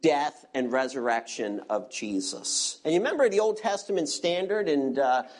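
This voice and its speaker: A man's voice: a little high, expressive, moderate pace. Male pastor delivering a teaching sermon, emphatic, asks questions and has listeners turn to verses. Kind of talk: expository sermon.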